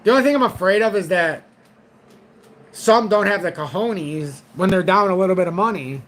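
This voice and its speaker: Blunt, profane crypto channel host. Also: male voice, high-pitched, lively intonation, normal speed, a bit bright, low-quality recording. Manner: blunt and profane, frank, talks straight to his audience. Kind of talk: casual market commentary to viewers.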